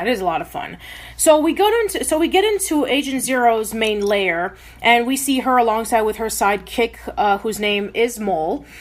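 A woman co-hosting a casual podcast, walking through a plot at length with fillers. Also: a little high. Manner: recaps plots at length with fillers. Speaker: podcast co-host.

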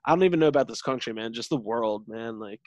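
A man's voice: medium pitch, quick pace, a little mellow, no room sound. Rambling young man, casual and dry. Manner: rambling, heavy filler words, earnest. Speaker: podcast co-host. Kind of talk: casual chat.

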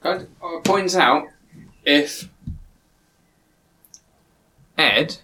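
A man's voice: on the high side, extremely slow, pushed and bright, a little hiss or hum. A man co-hosting a casual film chat, thinking aloud and building theories step by step. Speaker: co-host.

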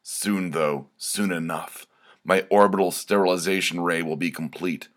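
A man's voice: low voice, steady tone, measured pace, a bit bright. A man voicing a sneering, misanthropic male mad scientist who plots to wipe out humanity, with a menacing manner.

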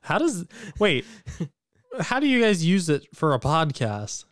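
A man's voice: fairly high pitch, sing-song, a little slow, no echo, studio quality. A man co-hosting a podcast in casual chat, joking and profane. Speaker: podcast co-host.

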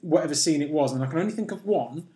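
Brief: male podcast host, fairly high voice, loose and giggly. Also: warm tone. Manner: giggly, rambling, quick asides. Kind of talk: casual podcast chat.

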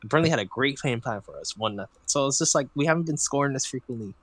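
A young man in casual soccer chat with friends, animated and rising in pitch when excited. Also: fast, no echo.

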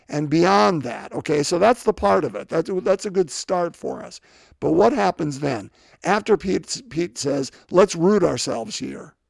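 A man with a somewhat high, gravelly voice preaches a sermon in a relaxed, talky way. He keeps asking his listeners questions and acts out the quoted scripture with changing voices. The sound is close and dry. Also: dry recording. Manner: conversational, asks rhetorical questions.

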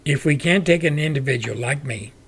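Male host, forceful ranter, slightly high voice. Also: a little fast, breathy edge. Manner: loud, forceful, ranting delivery. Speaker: show host. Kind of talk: political commentary monologue.

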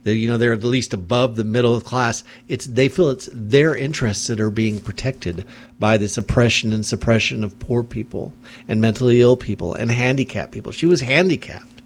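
A man's voice: mid-range voice, moderate pace. A man hosting a radio talk show, delivering an angry, impassioned monologue from a studio mic. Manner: angry, indignant, ranting.

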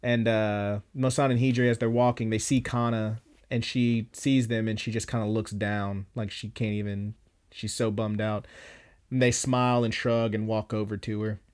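A man's voice: lowish voice, flat delivery, moderate pace, darkish tone, clear, resonant tone. A man on a podcast casually retelling an anime episode, loose and profane, with lots of fillers. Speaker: podcast host.

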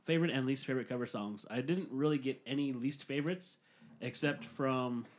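Guy on a podcast, joking and laughing a lot, swears some, middle pitch. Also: fairly quick, slight background noise. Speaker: podcast host. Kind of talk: casual chat.

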